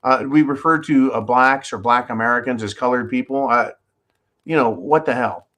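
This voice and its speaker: A man hosting his own channel, delivering a profane, sarcastic political rant with sudden jumps in pitch and volume. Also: moderate pace. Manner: loud swings in pitch and volume. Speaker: channel host.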